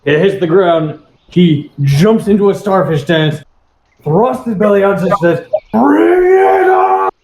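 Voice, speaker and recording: A man's voice: sits high, measured pace, darkish tone, a little hiss or hum. A man playing a tabletop role-playing game, narrating his character's actions with crude jokes. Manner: playful, crude joking. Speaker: player.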